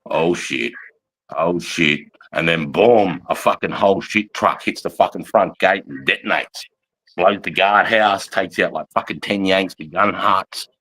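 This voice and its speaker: A man's voice: low voice, a little slow, fairly bright tone, poor audio. A man in his forties with an Australian accent, an army veteran telling war stories in casual chat, rambling and swearing constantly with plenty of "mate" and "bro". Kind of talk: casual storytelling.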